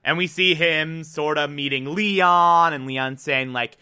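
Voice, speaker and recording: A young man hosting a casual show, recapping an episode in an animated, emotional way with free swearing and loud rants. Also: a little high, takes it slowly, smooth. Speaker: podcast host recapping a TV episode.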